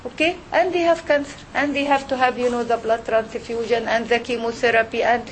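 A woman's voice: on the high side, a little mellow, a little hiss or hum, poor audio. A middle-aged woman, a pediatrician, gives a heartfelt religious talk to women, telling earnest, emotional stories and speaking to her listeners directly.

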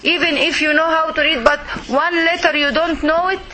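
A woman teaching a Quran recitation class, slow and patient, repeating words for her students to echo. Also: high-pitched, fairly even intonation, bright, forceful tone, slight background noise.

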